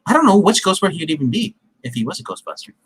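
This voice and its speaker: A man's voice: a little high, sing-song, rapid-fire, fairly bright tone, slightly rough, dry recording, low-quality recording. A man chatting casually with friends on a stream, wry and sarcastic at times. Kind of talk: casual chat.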